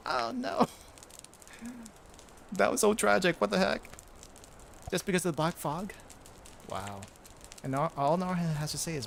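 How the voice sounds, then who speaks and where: A young man streaming a video game, thinking aloud and reading item text in a halting, casual way. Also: a little high, expressive, creaky, fairly bright tone, a little hiss or hum. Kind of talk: casual gameplay commentary. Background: game music.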